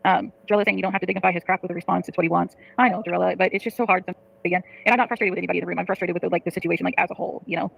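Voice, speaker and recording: A woman livestreaming, venting to her chat in a fast, profane, frustrated way and reading out comments. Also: on the low side, steady tone, gravelly, slightly rough, dull audio.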